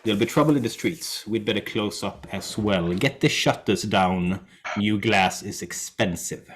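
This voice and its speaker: A brisk, no-nonsense woman who runs a coffee shop, voiced by a male game master in a lowish voice close to his own. She speaks in a measured, dry, slightly stern way. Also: slight background noise, natural voice.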